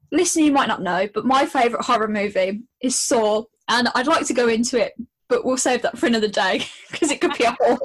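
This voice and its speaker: A woman's voice: a little high, fairly bright tone, low-quality recording. A young woman co-hosting a casual podcast, giggly and blunt, reading quiz questions and swearing freely. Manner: reads quiz questions aloud. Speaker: podcast co-host. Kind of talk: casual chat.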